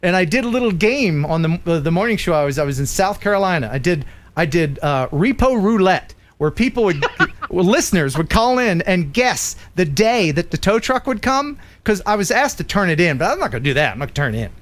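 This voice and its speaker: A middle-aged man hosting a live stream, telling stories in a joking, animated way. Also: high-pitched, fairly quick. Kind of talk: casual live-stream chat.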